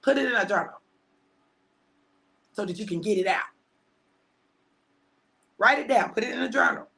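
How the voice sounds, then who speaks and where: A woman pastor, preaching conversationally on a livestream, repeating phrases for emphasis and dropping to hushed tones. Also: mid-range voice, expressive, normal speed, gravelly.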